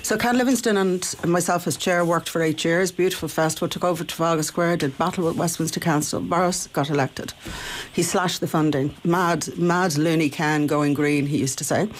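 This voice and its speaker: A man from Ireland, a guest on a radio panel discussion, telling an animated story. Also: on the high side, a little fast, slight background noise.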